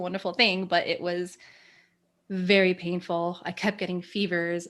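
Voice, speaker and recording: A young woman telling her birth story in a casual chat, animated and laughing often. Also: lowish voice. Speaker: podcast guest sharing a birth story.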